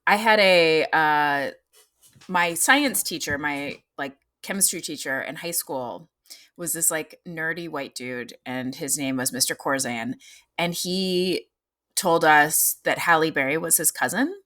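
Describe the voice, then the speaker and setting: A woman's voice: deep voice, a little slow, sharp tone. A woman in her late thirties co-hosting a podcast, telling stories in casual chat with lots of fillers and laughter. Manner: laughing storyteller, many fillers. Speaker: podcast co-host.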